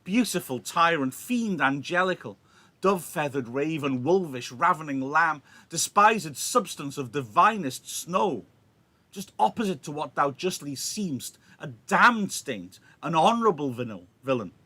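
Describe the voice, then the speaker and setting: A male teacher reading the lines of a passionate, grief-torn young woman, declaiming verse with loud drama. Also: a little high, expressive, measured pace, no room sound, pitched above the performer's own voice, heavily acted. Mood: outraged. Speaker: teacher reading a play aloud.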